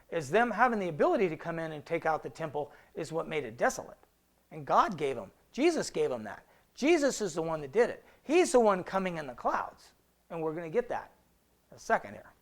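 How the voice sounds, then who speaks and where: A man leading a casual Bible study, talking through verses conversationally, asking rhetorical questions and reading old scripture slowly. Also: high-pitched, a bit bright. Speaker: Bible teacher.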